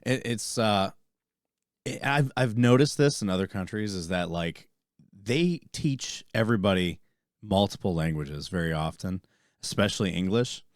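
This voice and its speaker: A man hosting a podcast, talking in an animated way and swearing freely. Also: on the low side, normal speed, dry recording, clean studio sound. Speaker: podcast host. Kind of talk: casual interview.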